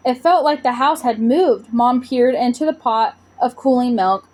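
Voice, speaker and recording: A woman reading a children's storybook aloud with expressive narration. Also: fairly high pitch, moderate pace. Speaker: audiobook reader.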